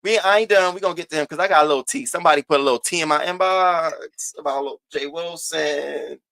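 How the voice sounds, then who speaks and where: A man with a slightly high voice hosts a casual gossip commentary. He is animated and profane, jumping from loud outbursts to low muttered asides. He stretches words out for sassy emphasis. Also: quick pace, gravelly, no room sound. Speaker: host of a commentary channel.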